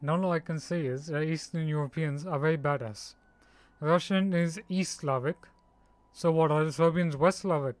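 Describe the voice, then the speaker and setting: A man chatting casually on a live stream, haltingly sounding out foreign names and laughing at his own mistakes. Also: on the high side. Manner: halting, tries out names slowly, laughs at himself.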